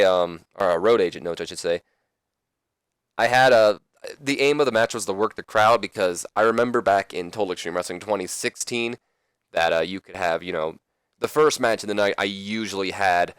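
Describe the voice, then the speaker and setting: A young man rambles through his commentary on a wrestling management game, tripping over words and fixing them. His voice sits low and comes across clear and smooth. The sound is dry and close. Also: a bit bright, no echo. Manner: casual, rambling, self-correcting. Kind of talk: let's play commentary.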